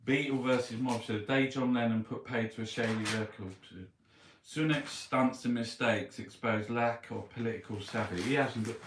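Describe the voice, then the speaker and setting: Grumbling and swearing under his breath, a middle-aged Cockney man works his way through a newspaper review in a rambling, casual monologue. His voice is mid-range, with a steady tone and a moderate pace. It's recorded from a distant mic in a roomy space with background noise.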